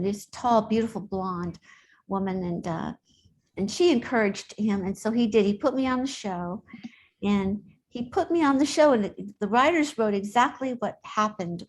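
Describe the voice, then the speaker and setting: A woman's voice: medium pitch, a little hiss or hum. A middle-aged woman speaking as an interview guest, chatty and telling stories with frequent laughs. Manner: chatty, storytelling, laughs often. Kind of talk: casual interview talk.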